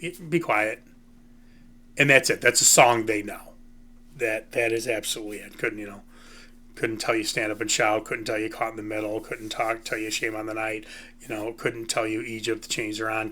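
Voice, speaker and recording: A man's voice: mid-range voice, pushed and bright. A man hosting a casual music commentary, talking in a rambling, opinionated way and often saying "you know" and "um". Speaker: host.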